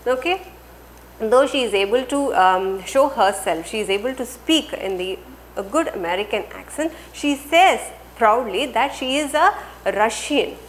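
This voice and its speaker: A woman's voice: fairly high pitch, animated, moderate pace, slight background noise, rough recording. Indian woman teacher saying "okay" often. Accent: Indian English. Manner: reads a passage aloud, then paraphrases with frequent "okay"; asks and answers her own word questions. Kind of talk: explaining a textbook lesson.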